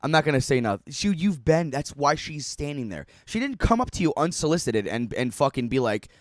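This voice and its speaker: A man's voice: fairly high pitch, very animated, brisk, no room sound, clean studio sound. A man streaming a reaction to a video, giving profane, mocking running commentary and laughing often.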